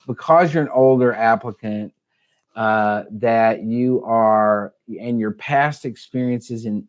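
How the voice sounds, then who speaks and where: A man answering questions as a medical school admissions advisor, speaking in a measured, explanatory way with frequent "you know"s and "uh"s. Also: on the low side, darkish tone. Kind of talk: casual advice podcast chat.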